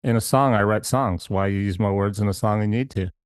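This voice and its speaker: A man's voice: lowish voice, fairly quick, clean tone, no room sound, studio quality. A man hosting a podcast interview, playful and curious, asking many questions. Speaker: podcast host. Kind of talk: casual interview chat.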